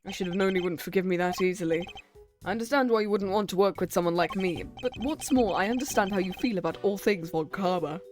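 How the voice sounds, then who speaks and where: Woman reading as a stiff formal prosecutor guy, measured and dry, faint game music under it. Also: medium pitch, close to an everyday voice. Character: stiff, formal male prosecutor, young adult.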